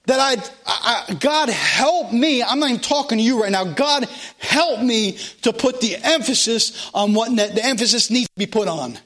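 Emphatic high-voiced male pastor preaching. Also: expressive, fairly bright tone. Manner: emphatic, repetitive preaching that slows and rises at climaxes. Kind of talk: sermon. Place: church sanctuary.

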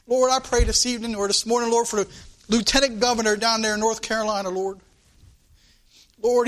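A man's voice: sits high, a bit bright. A man, a pastor, praying aloud from the pulpit in a fervent church service, punctuating his phrases with repeated calls to the Lord. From United States. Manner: repetitive, calling "Lord" and "dear God" between phrases. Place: church sanctuary.

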